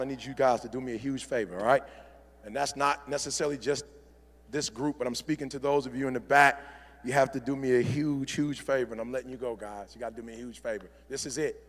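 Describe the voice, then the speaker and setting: A middle-aged man giving a motivational convention speech in a preacherly style, building from quiet to shouted fervor. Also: mid-range voice. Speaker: motivational speaker. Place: large convention hall. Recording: live hall reverb.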